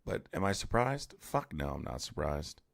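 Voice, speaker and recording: A man's voice: extremely low pitch, big pitch swings, moderate pace, vocal fry, dry recording, clean studio sound. A man streaming a heated debate, blunt and profane, arguing with callers and reading chat aloud.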